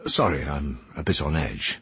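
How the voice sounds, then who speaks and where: A man's voice: rumbling low, expressive, moderate pace, a bit bright, breathy edge, no room sound, highs cut off, heavily acted. A man voicing a tense male civil servant who speaks in a clipped, restrained way. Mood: quiet, tense.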